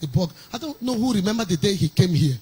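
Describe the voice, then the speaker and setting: A woman's voice: medium pitch, lively intonation, fast talker, mellow, slightly rough, low-quality recording. A woman pastor with a Nigerian accent preaching a sermon in a sing-song cadence, reading scripture aloud between stories.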